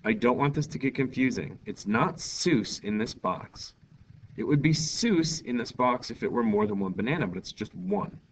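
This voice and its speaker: A man's voice: mid-range voice, expressive, normal speed, a little hiss or hum. A male Spanish teacher giving a lesson in an upbeat, jokey way, acting out little scenes. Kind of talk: recorded classroom lesson. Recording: distant, dull lo-fi mic with faint ambience.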